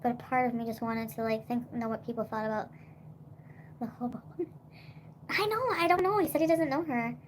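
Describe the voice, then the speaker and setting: A woman's voice: fairly high pitch, brisk, pauses often, slight background noise. A young woman livestreaming, rambling in casual chat with lots of "like" and swearing.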